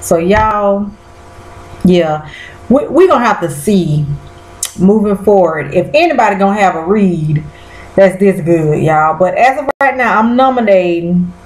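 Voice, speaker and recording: A woman's voice: medium pitch, reverberant, low-quality recording. A woman recapping a TV episode in casual chat, exclaiming and talking straight to her viewers in loose slang.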